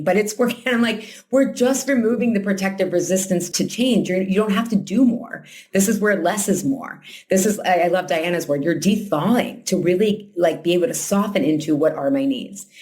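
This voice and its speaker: Woman host, lowish voice, casual teaching tone, leaps into playful quoted voices. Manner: animated, acts out quoted voices with big pitch jumps; frequent "like" and "right?" fillers. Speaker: podcast host and coach.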